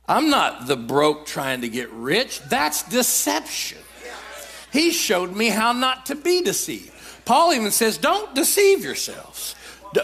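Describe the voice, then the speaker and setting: Male preacher, shouted exhortations, high bright voice, swinging pitch. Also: vocal fry. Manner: emphatic, often shouting declarations; repetitive call-and-response exhortation. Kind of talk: sermon.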